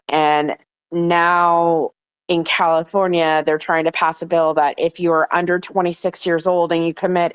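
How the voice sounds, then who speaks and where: A woman's voice: low-pitched, smooth, dry recording. A woman hosting an online audio chat room, talking bluntly and heatedly in a casual way and swearing often.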